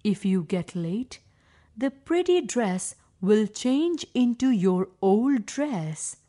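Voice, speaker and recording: A woman voicing a kind, gentle fairy who speaks in a calm and reassuring way. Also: medium pitch, slow pace.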